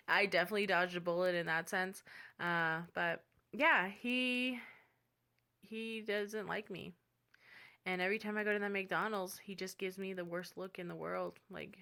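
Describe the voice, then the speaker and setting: Young woman vlogger, bright tone, candid and dramatic, casual chat. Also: mid-range voice, fairly even intonation, moderate pace. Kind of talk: casual storytelling vlog.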